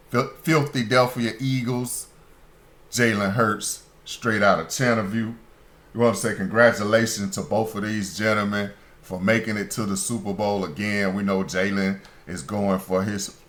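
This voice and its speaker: Emphatic sports radio host. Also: male voice, on the low side, a bit bright. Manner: emphatic, rising to heated indignation. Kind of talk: opinionated sports talk monologue.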